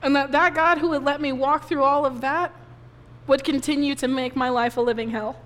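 A woman's voice: high-pitched, fairly even intonation, moderate pace, fairly bright tone. Tearful woman preaching in a reverberant hall. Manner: emotional personal testimony, tearful at times. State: crying softly. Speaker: pastor. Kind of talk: sermon.

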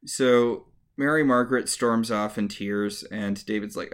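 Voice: mid-range voice, measured pace, hardly any pauses. A podcast co-host recapping a show in casual chat, wry, mocking the characters in little put-on voices. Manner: wry, mock-voices characters when retelling.

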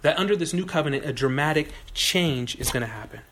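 A man preaching a sermon in a relaxed, conversational way, telling stories and putting questions to his listeners. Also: fairly high pitch, fast. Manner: conversational, animated storytelling with audience questions. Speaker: pastor.

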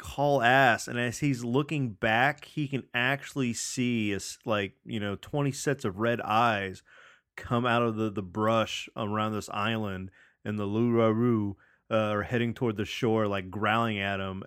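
A man guesting on a casual podcast, telling a story in a loose, profane, animated way. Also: mid-range voice, measured pace, clean tone, dry recording, clean studio sound.

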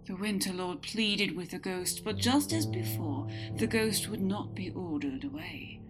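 Slow dramatic woman storyteller. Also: mid-range voice. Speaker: narrator. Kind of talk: dark folktale storytelling. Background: music.

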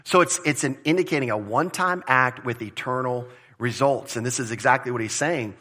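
A pastor preaching a conversational, emphatic sermon, repeating phrases for stress. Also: male voice, mid-range voice, fairly quick, sharp tone. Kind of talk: expository sermon.

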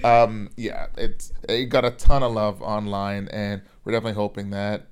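A man's voice: on the low side, little pitch movement, normal speed, smooth. A man co-hosting a casual podcast. He is easygoing and laughs a lot, and his sentences often trail off and restart. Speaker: podcast co-host.

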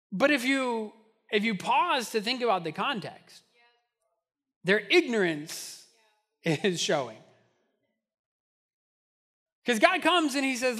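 A man's voice: extremely high pitch, big pitch swings, slow, long pauses, sharp tone. A man preaching a sermon as pastor, impassioned and repetitive, building in intensity as he goes.

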